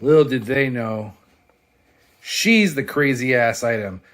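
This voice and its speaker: A man casually reviewing a comic book on his vlog, excitable and profane, laughing often as he flips through pages. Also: medium pitch, normal speed.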